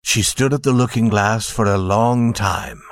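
Gentle male storyteller, unhurried pace, low voice, dry close recording. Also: no echo. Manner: gentle, addresses listeners directly. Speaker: narrator. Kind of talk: slow storybook narration.

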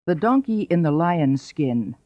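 A man narrating a fable in a plain, steady storybook reading. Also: on the high side, a little slow, dry recording. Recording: dull lo-fi audio.

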